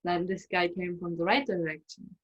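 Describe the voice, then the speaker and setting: A woman telling a personal story in an emotional, animated way. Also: fairly low pitch, moderate pace, highs cut off, slight background noise. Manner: emotional, animated, acts out quoted voices. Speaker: spiritual coach and storyteller.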